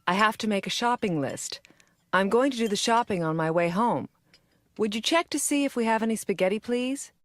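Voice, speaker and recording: A woman's voice: on the high side, expressive, a little fast, no echo, lightly acted. An actress playing a patient, practical mother in a scripted family dialogue. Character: calm, practical mother of two.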